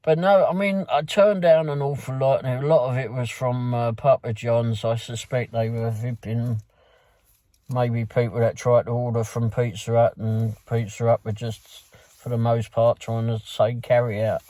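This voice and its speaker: A man's voice: medium pitch, little pitch movement, moderate pace, warm tone, dry recording. A man with a London accent, a food delivery driver, casually recapping a night of work in a rambling way, full of fillers and restarts. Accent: London English. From London, England. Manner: rambling, loose storytelling with many fillers and restarts.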